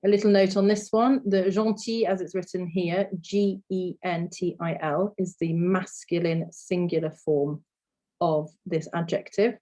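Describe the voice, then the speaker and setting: Woman, teacher, patient explanations, slightly low pitch. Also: level tone, a little slow, dark tone. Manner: explains patiently, models sounds for repetition. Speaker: language teacher. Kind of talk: phonics lesson.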